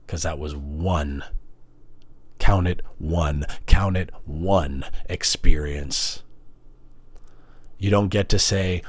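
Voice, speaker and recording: A man speaks at a microphone in a loose confessional monologue. His pitch rises and falls widely as he jumps into high mock voices, then drops to low, quiet asides. The delivery stays restless and playful. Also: measured pace, long pauses. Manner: animated, swings between high mock voices and low mutters. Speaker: vlogger and musician. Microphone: standing at a microphone.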